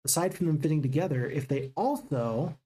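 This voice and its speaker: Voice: medium pitch, animated, fairly quick, dark tone, slightly rough. A gaming channel host giving upbeat, casual let's-play commentary and chatting with viewers.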